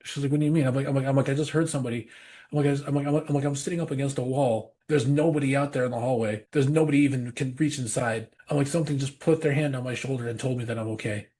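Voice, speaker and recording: A man talks quickly in a husky voice, telling a personal story as a podcast guest. He is earnest and rambling, circling back with repeated phrases as he goes. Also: medium pitch, fairly even intonation, warm tone.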